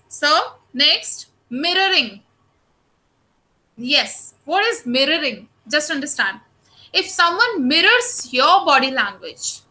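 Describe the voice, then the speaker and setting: A woman teacher with an Indian English accent giving an online lecture, explaining slowly and addressing her students often. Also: very high voice, bright, forceful tone, poor audio.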